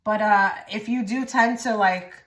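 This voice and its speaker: A woman giving a pick-a-card tarot reading to her viewers, rambling and repeating herself, often trailing into soft murmured phrases. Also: mid-range voice, unhurried. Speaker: tarot reader.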